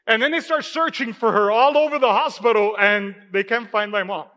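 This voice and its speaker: Speaking a little fast, a male pastor tells his congregation a personal story in a relaxed, chatty style, sprinkling in "you know." His high, ringing, bright voice trails away into the long echo of the church sanctuary.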